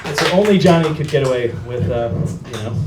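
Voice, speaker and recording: A man's voice: fairly high pitch, lively intonation, brisk, a loud crowd. A man hosting a live storytelling night and telling a story on stage, laughing often as he goes. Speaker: event host and storyteller. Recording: echoey room, noisy live venue.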